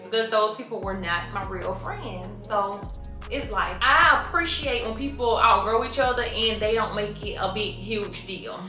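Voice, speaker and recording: A woman's voice: mid-range voice, unhurried, bright, forceful tone, roomy sound, soft background music. A woman, telling stories in a blunt, profane, conversational Q&A vlog. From Mobile, Alabama, US. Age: 20s. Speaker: vlogger. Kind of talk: casual Q&A storytelling.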